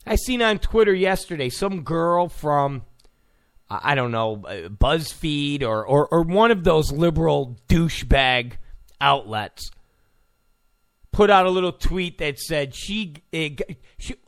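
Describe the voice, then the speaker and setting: A man's voice: on the high side, expressive, unhurried, clear, resonant tone. A man ranting sarcastically as a political commentator, mocking and full of insults.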